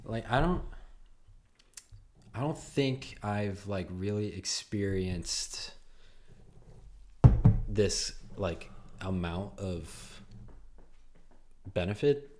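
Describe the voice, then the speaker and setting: A man in casual chat as podcast co-host, laid-back and rambling with drawn-out fillers. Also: fairly low pitch, background noise.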